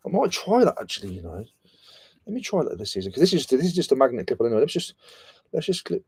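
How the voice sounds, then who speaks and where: British man, mellow, dry close sound, casual slangy stream chat. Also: medium pitch, very animated, fast, husky, dry recording. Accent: British English. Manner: chatty, slangy, self-mocking. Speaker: reselling vlogger.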